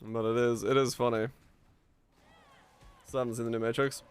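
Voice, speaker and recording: A man's voice: medium pitch, level tone, moderate pace, clean tone, faint music behind. A man streaming a game and chatting casually with his viewers, musing and rambling as he answers their comments. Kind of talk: casual stream chat while gaming.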